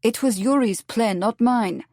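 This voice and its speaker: A man's voice: extremely high pitch, measured pace, darkish tone, no echo, studio quality. A woman voicing a gloomy, dispirited jailed Russian anarchist man in an audiobook.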